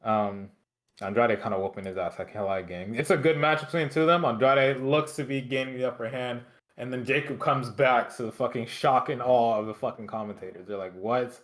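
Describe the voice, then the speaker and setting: A man talks through a wrestling show in a loose, rambling way, swearing often. His voice sits at an ordinary middle pitch. It is casual podcast chat between co-hosts. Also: fairly quick. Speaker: podcast co-host recapping wrestling.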